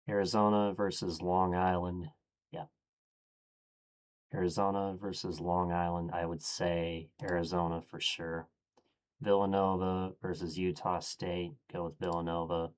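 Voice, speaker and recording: A man streaming, thinking aloud in a casual, low-key way as he murmurs his choices one after another. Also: a little mellow, clear, resonant tone.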